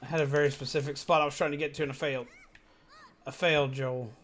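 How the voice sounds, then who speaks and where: Young guy gaming stream, high pitched voice, rambles and swears a lot. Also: quick pace. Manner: rambling, animated, swears freely. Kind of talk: casual gaming commentary.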